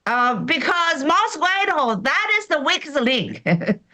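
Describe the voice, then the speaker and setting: On stage at a comedy club, a Chinese woman stand-up speaks in a high, lively voice. She delivers her set deadpan, in slightly broken English broken up by pauses, and audience laughter fills the background.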